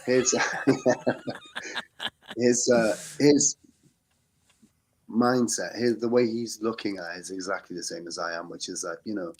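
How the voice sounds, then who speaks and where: Deep-voiced English man, earnest and rambling. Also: wildly swooping pitch, unhurried, long pauses, slightly rough. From England. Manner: rambling, self-correcting, earnest. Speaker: guest musician. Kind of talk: casual podcast interview.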